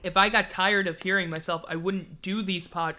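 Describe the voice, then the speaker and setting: A man's voice: high-pitched, steady tone, moderate pace, sharp tone, a little hiss or hum. A man hosting a casual sports livestream, rambling and self-mocking, yawning now and then as he talks. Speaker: podcast host.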